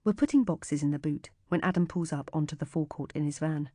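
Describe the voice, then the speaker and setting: Woman for thriller audiobook narration, low warm voice, dry close mic, measured and tense. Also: dry recording.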